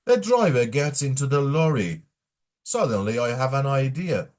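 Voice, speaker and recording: A man whose first language is Persian reads an English story aloud for learners in a clear and careful way. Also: medium pitch, big pitch swings, normal speed, a little mellow. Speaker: English teacher. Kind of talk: slow storybook reading for learners.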